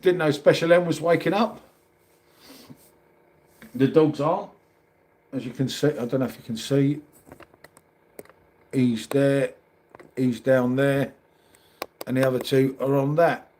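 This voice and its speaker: A man's voice: medium pitch, steady tone, measured pace, pauses often, a little mellow, slight background noise. A middle-aged man with a London accent, chatting casually on a livestream and reading out comments, calling everyone mate. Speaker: livestream host.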